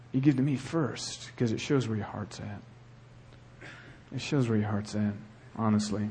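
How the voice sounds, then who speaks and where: A middle-aged male pastor preaching a sermon with animated delivery and acted asides. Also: medium pitch, breathy edge.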